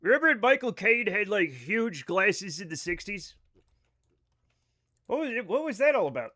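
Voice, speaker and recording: High, bright-voiced rambling male streamer. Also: sing-song, moderate pace. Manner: rambling, swears freely, talks to chat. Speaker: livestreamer. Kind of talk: casual live-stream chat over gameplay.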